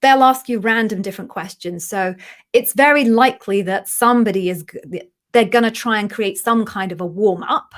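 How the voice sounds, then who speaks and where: Woman doing a live q&a stream, chatty, encouraging, gets emotional, mid pitched voice. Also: normal speed. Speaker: livestream host, interview coach. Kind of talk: live Q&A answering viewer questions.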